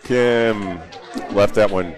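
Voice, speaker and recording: A man's voice: fairly low pitch, steady tone, drawn-out words. A man doing live bowling commentary, cracking dry jokes with his co-host. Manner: dry, joking asides. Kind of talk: live sports commentary with banter. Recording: loud bowling alley crowd. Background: crowd at a bowling alley.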